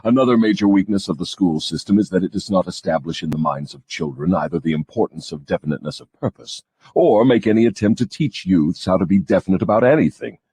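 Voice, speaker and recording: A man voicing a deep, husky gloating devil. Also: fast talker, dark tone, no echo. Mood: lecturing. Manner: mocking, gloating, lecturing. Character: scornful male devil, gloating and cunning. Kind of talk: audiobook dramatization.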